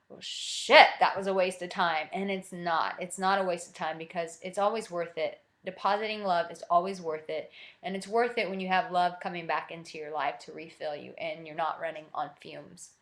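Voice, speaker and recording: A woman's voice: mid-range voice, a bit bright. Candid, emphatic woman sharing her views. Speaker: host. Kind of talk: personal monologue.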